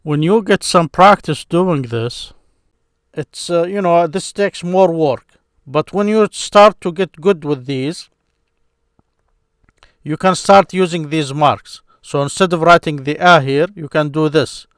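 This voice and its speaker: A man explains grammar points one by one, patient and methodical, often pointing things out as he goes. His voice sits a little high for a man. The sound is dry and close, with almost no room around it. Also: measured pace, no room sound. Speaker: Arabic grammar teacher. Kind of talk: explaining at a board or screen.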